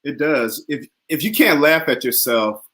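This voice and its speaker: A man's voice: on the high side, animated, measured pace, a bit bright. A man hosting a talk show interview, easygoing and repeating his words as he asks questions. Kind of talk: casual interview chat.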